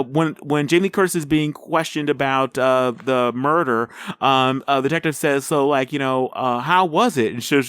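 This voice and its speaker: A man's voice: on the high side, a bit bright, clean tone, dry recording. A man co-hosting a podcast, chatting casually about a movie trailer and rambling with many fillers and restarts. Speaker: podcast co-host. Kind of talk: casual chat reviewing a trailer.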